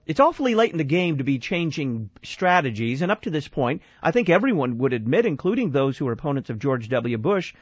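A radio talk show host with a voice on the high side runs a call-in show, asking questions, commenting, and repeating the phone number. The studio sound is dry and slightly dull.

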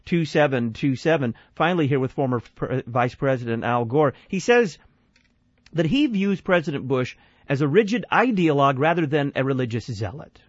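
A man's voice: medium pitch, lively intonation, moderate pace, no echo. A man hosting a call-in radio show, questioning and commenting, repeating the phone number. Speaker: radio talk show host. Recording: dry, slightly dull studio sound.

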